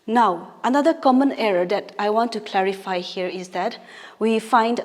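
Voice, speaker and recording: A woman's voice: medium pitch, normal speed. A woman with a Naga English accent, teaching a grammar lesson patiently and often checking in with "all right?". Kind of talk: classroom lesson. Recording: reverberant room with long echo.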